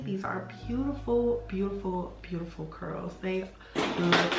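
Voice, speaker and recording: A woman's voice: mid-range voice, slow, vocal fry, reverberant, soft background music. A young woman chatting through a hair tutorial, gushing and chatty, saying y'all a lot. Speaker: beauty vlogger. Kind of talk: casual hair tutorial chat.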